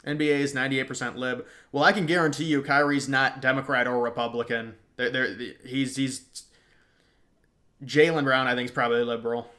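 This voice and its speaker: Speaking briskly, a young man hosts a casual political livestream in a steady, medium-pitched voice with a sharp tone. He reads chat aloud, responds in a loose, slangy way, and lets his remarks trail off.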